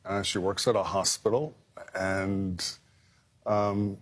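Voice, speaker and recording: A man, a correspondent interviewed live on air, speaking reflectively with halting phrases and fillers. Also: low-pitched, flat delivery.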